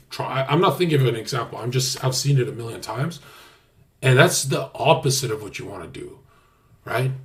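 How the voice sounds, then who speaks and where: A young man livestreaming, talking brashly and boastfully with lots of swearing, dropping to mutters and then bursting out loud. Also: medium pitch. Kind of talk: casual stream talk.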